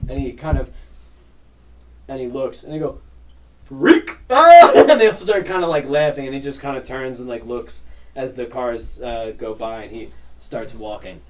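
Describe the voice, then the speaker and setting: A man narrating as game master of a tabletop game, lively and full of character voices. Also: medium pitch, moderate pace, recorded from a distance, a little hiss or hum. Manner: animated, jumps into character voices.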